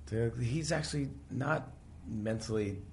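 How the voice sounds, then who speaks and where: A man casually retelling a story, animated, often breaking into quoted voices, with faint room sound. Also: mid-range voice, unhurried, gravelly, slight background noise. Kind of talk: casual chat.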